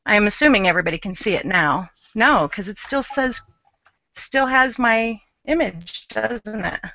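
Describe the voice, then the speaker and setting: A woman's voice: mid-range voice, lively intonation, moderate pace, creaky, bright, forceful tone, no room sound. A woman hosting a live craft show, chatting and thinking aloud as she shows her artwork. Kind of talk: live-streamed craft demo. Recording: dull, lo-fi live stream.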